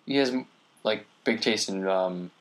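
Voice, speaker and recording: A man chatting casually as a podcast co-host, telling stories in a relaxed, rambling way. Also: fairly low pitch, measured pace. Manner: rambling, relaxed storyteller with fillers. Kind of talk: casual chat.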